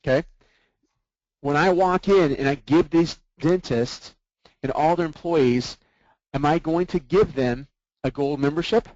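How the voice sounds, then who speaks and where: Sales trainer, man, fairly high voice, dry and dull lo-fi webinar sound, keeps quizzing his team as he goes. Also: measured pace, pauses often, darkish tone, dry recording. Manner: keeps checking in with the group through rhetorical questions.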